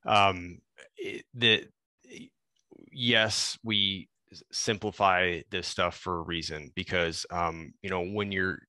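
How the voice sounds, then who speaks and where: A man with a very low voice and a bright edge, co-hosting a podcast in casual chat. He talks haltingly, restarting sentences. The recording is close and dry. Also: steady tone, no room sound. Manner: halting, restarts, many fillers. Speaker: podcast co-host.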